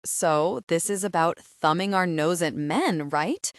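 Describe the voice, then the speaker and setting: A woman's voice: mid-range voice, sing-song, unhurried, no room sound, studio quality. A woman voicing a bubbly, dramatic Southern sister-in-law with a Georgia twang. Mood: breezy. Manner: twangy, trilling, indignant.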